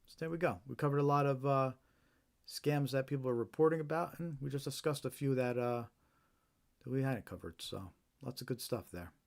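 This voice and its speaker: Casting note: male host, mid pitch, loose conversational stream delivery with frequent fillers. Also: fairly quick, vocal fry. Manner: informal, thinks aloud with fillers and restarts. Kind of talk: live stream talk, reading viewer reports.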